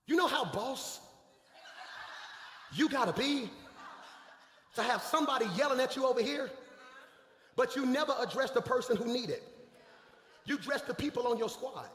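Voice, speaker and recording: A man preaching a lively sermon as pastor, with shouted bursts and casual slang. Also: extremely high pitch, normal speed, long pauses, a little hiss or hum. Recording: echoey hall.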